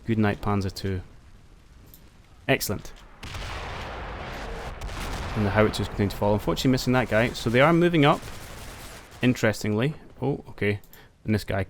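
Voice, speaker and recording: A man with a fairly low voice talks through a tactical war game as he plays. He muses out loud, hesitates with ums, and addresses his soldiers like a coach cheering them on. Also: brisk, long pauses, slight background noise. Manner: thinks aloud, talks to his units, excited outbursts. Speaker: gameplay commentator. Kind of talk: casual let's-play commentary.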